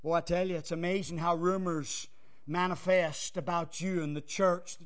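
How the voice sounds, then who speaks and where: A male pastor preaching a fiery sermon, swinging from loud cries to hushed asides. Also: high-pitched, flat delivery, normal speed.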